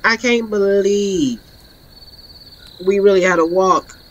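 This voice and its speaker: A woman streaming a horror game, commenting in a playful, slangy, trash-talking way and breaking into excited shouts. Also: mid-range voice, slow pace, dull audio. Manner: excitable, bursts into laughing shouts. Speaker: gaming streamer. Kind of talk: let's play commentary.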